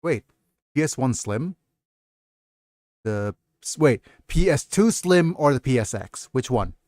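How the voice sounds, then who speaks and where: Answering his chat in a relaxed, meandering way, this male livestream host also reads aloud now and then. His medium-pitched, darkish voice has lively intonation and comes across close and dry with no echo. He jumps from topic to topic, pausing and restarting often.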